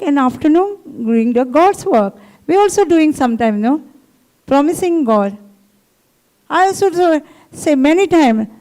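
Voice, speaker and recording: A woman's voice: high-pitched, lively intonation, measured pace, mellow, poor audio. A woman preacher at a retreat, telling a testimony sermon in broken English with frequent "no?" tags. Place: retreat hall.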